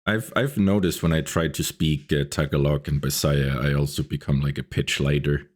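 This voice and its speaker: A man's voice: very deep voice, fairly even intonation, moderate pace. A man chatting casually on a live stream, teasing in a dry, wry way.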